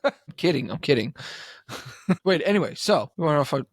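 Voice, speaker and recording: A man's voice: a little high, normal speed, dry recording. Guy on a podcast telling stories, does the voices, laughs a lot, dry close sound. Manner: animated storyteller, acts out voices, laughs often. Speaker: podcast co-host. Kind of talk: casual chat.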